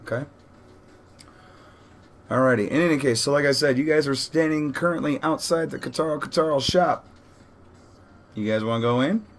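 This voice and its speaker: A man's voice: fairly high pitch, normal speed, pauses often. A man running a tabletop game as game master, narrating casually with frequent fillers and restarts. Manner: casual, rambling, with many fillers.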